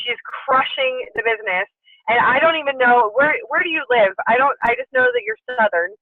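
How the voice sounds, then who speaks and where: A woman introducing a guest on a conference call, gushing and excitable with many fillers. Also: high voice, a little fast, no echo. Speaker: team leader hosting a call. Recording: tinny distant phone line.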